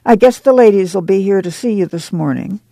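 A man's voice: sits high, moderate pace, vocal fry, mellow, no room sound. A man playing a friendly camp manager. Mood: easygoing. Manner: easygoing, plainspoken folksy talk.

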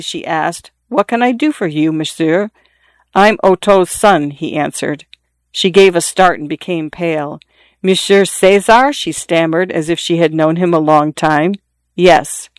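A narrator reading a story in a measured, even way. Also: medium pitch, clear, resonant tone, no room sound. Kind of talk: audiobook narration.

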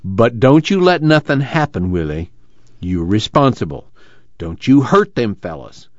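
A man's voice: medium pitch, big pitch swings, measured pace, a little mellow, no room sound. A man voicing a worried, earnest camp leader who talks in a drawling rural dialect. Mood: stern worry. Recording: dull lo-fi dry recording.

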